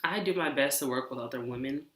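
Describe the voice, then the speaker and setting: A young woman studying engineering, telling animated, exasperated stories in a casual vlog. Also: very deep voice, fast talker, reverberant. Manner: animated, exasperated, talks with hands. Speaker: engineering student vlogger.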